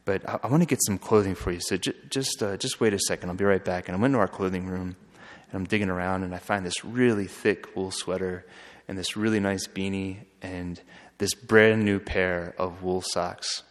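A man who is a friar, telling a story in an earnest, halting way with frequent restarts. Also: sits low, steady tone. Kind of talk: storytelling talk. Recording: long hall reverb.

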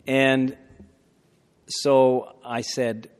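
A man in his sixties telling a folksy personal story, often clearing his throat. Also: medium pitch, level tone, drawn-out words. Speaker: speaker telling a conversion story. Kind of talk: anecdotal storytelling talk. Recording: long hall reverb.

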